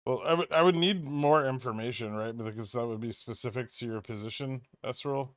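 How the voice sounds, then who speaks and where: A man's voice: mid-range voice, brisk, dry recording. Dry, offhand man on a livestream. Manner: offhand and wry, thinks aloud with restarts. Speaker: stock trading livestream host. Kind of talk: casual livestream chat answering viewer questions.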